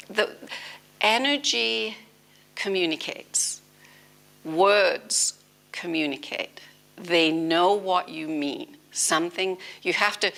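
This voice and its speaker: A British woman teaching at a spiritual gathering, her voice low with a gravelly edge. She tells lively stories and slips into acted-out dialogue, and her tone stays bright and forceful throughout. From Britain. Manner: lively storytelling, laughing, acting out dialogue. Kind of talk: informal spiritual talk.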